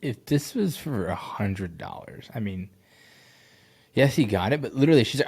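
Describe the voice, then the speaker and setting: A man critiquing a sales call, blunt and animated, swearing casually. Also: fairly low pitch, brisk, husky. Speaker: sales coach reviewing a call.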